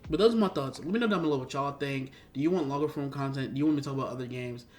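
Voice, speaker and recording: A man's voice: medium pitch, racing, soft background music. A young man giving a casual, frustrated spoken game review, ranting with lots of fillers and restarts.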